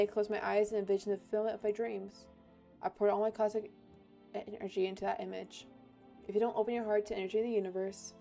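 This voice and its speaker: A pompous game fortune-teller, as a woman puts her on, selling cosmic energy with grand, mystical sweeps. The voice is dark and mellow, with a gravelly fry at the ends of phrases. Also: mid-range voice, lightly acted.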